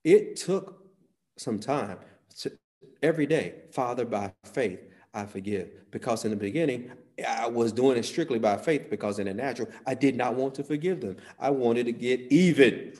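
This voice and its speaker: A man preaching a sermon, swinging from soft, quiet phrases to sudden loud, emphatic peaks. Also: medium pitch, normal speed.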